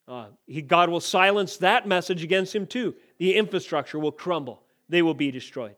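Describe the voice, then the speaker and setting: A man delivers a sermon in a fairly high voice for a man. He preaches with emphatic force, rising to loud declarations before sinking back to quiet, measured explanation. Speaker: pastor.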